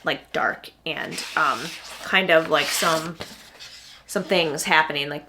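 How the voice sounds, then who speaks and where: A woman's voice: lowish voice, bright, forceful tone, slight background noise. Gushing chatty woman booktuber. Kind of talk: casual unboxing chat.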